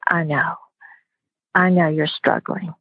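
A woman quoting her late mother, who speaks calmly and reassuringly, on a phone-like recording. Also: low-pitched, slow pace, breathy edge, dry recording, exaggerated voice. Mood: calm reassurance. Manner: calm, soothing. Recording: phone-like dry audio.

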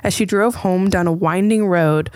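A woman hosting a podcast, chatting casually with a playful, teasing manner and quick storytelling. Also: fairly low pitch, darkish tone. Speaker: podcast host. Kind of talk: casual chat.

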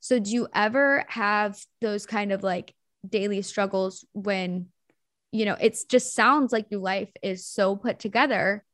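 A woman's voice: medium pitch, a little slow, fairly bright tone, no room sound, clean studio sound. A woman hosting a casual interview, asking long, rambling questions with enthusiasm. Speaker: host.

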